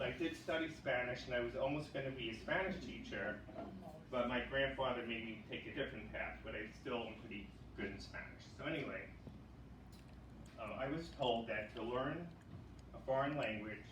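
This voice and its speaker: New York comic in an echoey club. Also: male voice, mid-range voice. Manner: chatty storytelling, acts out other people's lines. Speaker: stand-up comic. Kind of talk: open-mic stand-up routine. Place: small comedy club. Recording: echoey club heard from a distance, loud room noise.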